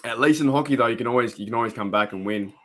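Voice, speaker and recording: Man, Australian accent, young adult, casual, rambling, mid-pitched voice. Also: racing, a bit bright. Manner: chatty, rambling, reads out chat comments. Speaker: live stream host. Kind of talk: casual live reaction chat.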